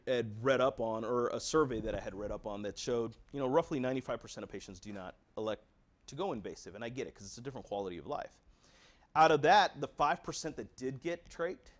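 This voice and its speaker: Man, American accent, medium pitch, earnest, direct, rhetorical questions, patient education talk.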